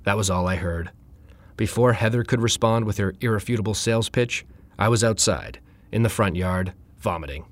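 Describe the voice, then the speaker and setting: A man reading a first-person story aloud in a wry, deadpan way. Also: on the low side, moderate pace. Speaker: narrator.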